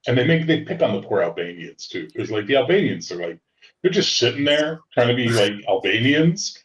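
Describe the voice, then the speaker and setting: A man's voice: medium pitch, sing-song, brisk, lo-fi sound, a little hiss or hum. A man co-hosting a casual talk show, joking and swearing, with lots of "like" fillers. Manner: joking, profane, uses "like" as filler. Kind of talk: casual chat.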